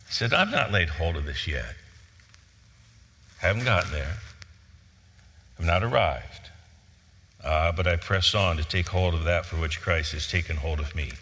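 Guy preaching a sermon, low-ish but bright voice, big hall echo. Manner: animated preaching, reads scripture aloud. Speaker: pastor.

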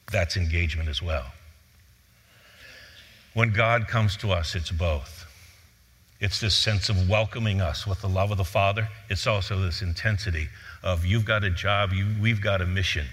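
A pastor preaching an animated sermon and reading scripture aloud. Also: male voice, sits low, long reverb tail.

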